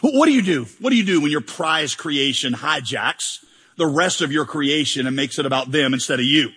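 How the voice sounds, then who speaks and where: A man delivers a lively sermon with a bright, high voice that carries a husky edge. He jokes and acts out mock prayers. His voice rings through a large church hall with a long reverb. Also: a little fast. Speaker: pastor.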